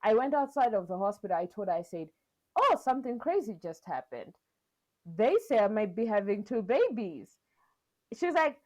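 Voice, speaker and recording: A young woman talking casually as a podcast co-host, telling a personal story. She acts out the quotes in her story and laughs often. Her voice sits at a middle pitch. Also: sing-song, moderate pace, darkish tone.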